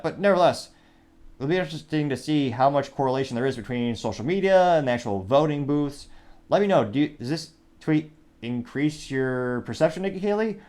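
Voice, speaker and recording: A man's voice: mid-range voice, a little mellow. A male host giving commentary on news and social media posts, reading comments aloud with dry asides. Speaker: show host.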